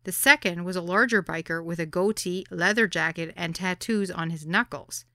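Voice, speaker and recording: A woman's voice: lowish voice, moderate pace, dry recording, clean studio sound. Wry woman reading a memoir. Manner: wry, deadpan storytelling. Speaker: narrator.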